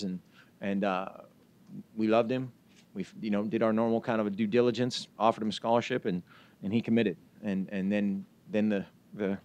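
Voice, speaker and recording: A head football coach fielding a press conference, a man with a somewhat low-pitched voice. He talks in a loose, upbeat way and piles on praise. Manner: upbeat, informal, heaps praise on recruits.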